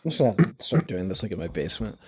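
A man's voice: sits low, sing-song, racing, a little mellow, breathy edge. A man co-hosting a horror podcast, chatting casually about a movie with sarcastic jokes. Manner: sarcastic, joking. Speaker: podcast co-host. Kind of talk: casual movie recap chat.

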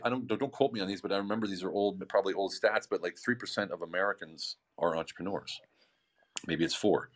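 A man and veteran entrepreneur giving an earnest, impassioned talk on an online call, with frequent restarts. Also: low-pitched. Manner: earnest, stumbling restarts, swings between loud and quiet. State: getting emotional. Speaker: veteran entrepreneur, visionary of the project.

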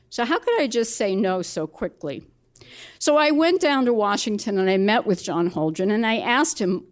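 Woman telling a true story on stage. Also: mid-range voice. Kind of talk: live personal storytelling. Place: small live venue.

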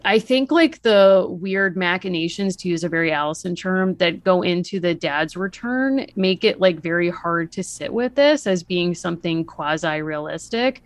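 Animated woman co-host, dry close sound. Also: on the low side, normal speed, few pauses, no echo. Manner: animated, acts out characters' lines with rising excitement. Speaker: podcast co-host. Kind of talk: casual book discussion.

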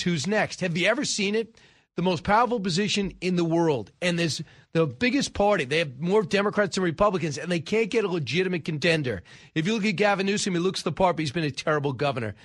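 Opinionated male talk radio host, fairly high voice, dry studio sound, sarcastic and brisk. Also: dry recording. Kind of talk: political talk radio commentary.

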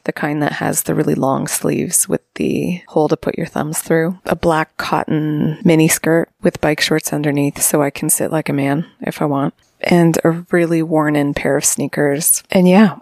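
A woman co-host with a very low, gravelly voice tells stories vividly and deliberately. The sound is close and dry, with no room around her. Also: a little mellow, no echo. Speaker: podcast co-host. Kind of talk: reflective podcast answers.

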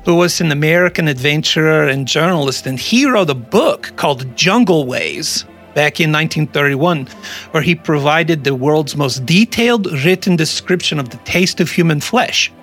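A man's voice: on the high side, lively intonation, moderate pace, a bit bright, faint music behind. A man co-hosting a casual comedy podcast, telling odd history stories with jokey asides. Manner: jokey storyteller, rambling asides. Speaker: podcast co-host.

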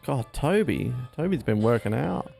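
A man's voice: medium pitch, animated, normal speed, creaky, a little mellow, soft background music. A young man co-hosting a casual movie commentary, skeptical and teasing in how he talks. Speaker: podcast co-host.

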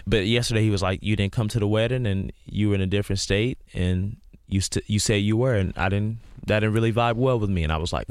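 A man's voice: fairly low pitch, fairly even intonation, fast, hardly any pauses, clean tone, no echo, clean studio sound. A male musician on a casual podcast interview, talking in an earnest, rambling way with lots of "like". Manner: earnest, rambling, heavy use of "like". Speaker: guest musician.

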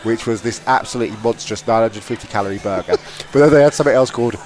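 A man's voice: on the low side, racing, faint music behind. A man hosting a podcast, telling a story casually, laughing often and acting out what people said. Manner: animated, laughs often, acts out quotes. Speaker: podcast co-host. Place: tour bus.

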